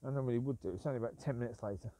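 A man with a mid-range, mellow voice races through his words while walking his dogs outdoors at night. He rambles, grumbles, and repeats himself in this walk-and-talk vlog.

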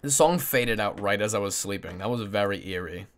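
A woman streaming a video game, chatting casually with her viewers and swinging between squealing joy and mumbled asides. She coos in a high baby voice at a pet. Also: fairly quick, soft background music. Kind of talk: casual live-stream gaming commentary.

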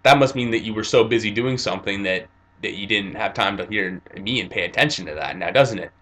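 Man putting on a hushed, deep, self-assured hero voice, dry and unbothered. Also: fairly quick, natural voice. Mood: smug. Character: cool, confident young male hero.

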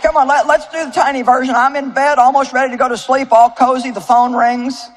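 A woman in her seventies preaching a sermon to a live audience, telling a story in a folksy, animated way with asides to the crowd. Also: high-pitched, brisk. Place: large auditorium with audience.

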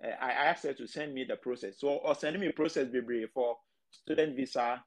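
A man with a Ghanaian accent telling a story in a casual podcast chat, halting and restarting as he goes. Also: medium pitch.

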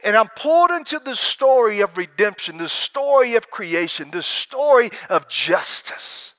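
Preacher, high bright voice, lively storyteller. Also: male voice, measured pace. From Alabama. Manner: animated storytelling, acts out quoted voices, laughs often. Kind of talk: testimony sermon at a conference. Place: conference hall with live audience.

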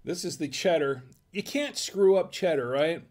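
A man's voice: a little high, expressive, normal speed, a little mellow. A man hosting a casual wine tasting livestream, musing aloud in a hesitant, chatty way. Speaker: wine review show host.

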